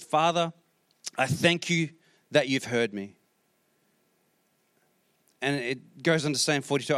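Male pastor, slightly high voice, earnest repetitive preaching, dry close sound. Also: no echo. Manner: earnest, repeats words, shifts between soft reading and rising exhortation. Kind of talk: sermon. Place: church hall with congregation.

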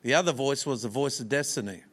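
A man's voice: mid-range voice, fast, slightly rough. A man preaching a storytelling sermon with humorous, self-deprecating asides and frequent chuckles.

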